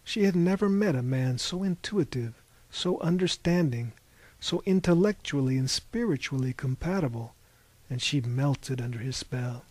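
A man narrating a novel as an audiobook in a measured, wry storytelling manner. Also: medium pitch, lively intonation, darkish tone, no echo.

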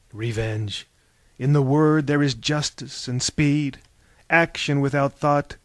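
A man reading a novel aloud as narrator, in measured storytelling that turns theatrical in the dialogue. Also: mid-range voice, dry recording. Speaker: audiobook narrator. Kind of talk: scripted narration.

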